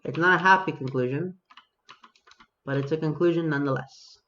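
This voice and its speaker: A man's voice: a little high, a little fast, pushed and bright, highs cut off. A man giving casual, self-mocking commentary over his own gameplay as a video host, talking to himself and his viewers.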